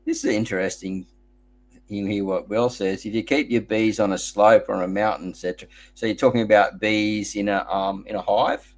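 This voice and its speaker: A man's voice: lowish voice, fairly even intonation, normal speed. An Australian man hosting a live gardening Q&A, chatting casually and rambling into jokey stories. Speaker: host.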